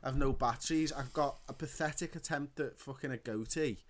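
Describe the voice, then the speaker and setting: A man in his thirties co-hosting a casual chat, telling stories with lively swearing. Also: medium pitch, a little fast. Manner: animated, sweary storyteller. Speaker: podcast co-host.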